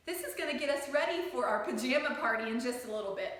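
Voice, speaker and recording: A woman's voice: high voice, lively intonation, fast talker, a bit bright. A woman teaching a children's music lesson, encouraging the class as she sings and chants rhythms along with them. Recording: echoey room.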